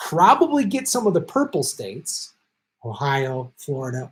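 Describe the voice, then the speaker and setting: A man hosting a live political stream, talking bluntly and profanely, swinging from low mutters to loud outbursts. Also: big pitch swings, normal speed. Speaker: host.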